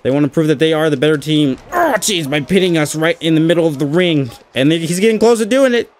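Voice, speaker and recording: A young man giving excitable live commentary over a wrestling video game, cheering and groaning at every move. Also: fairly high pitch, fast talker. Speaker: gaming channel host.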